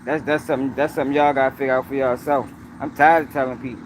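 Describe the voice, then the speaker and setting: A man's voice: mid-range voice, little pitch movement, fast talker, background noise. A man hosting his own news commentary livestream, talking emphatically, repeating points and speaking straight to his viewers. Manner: emphatic, repetitive, addresses viewers directly.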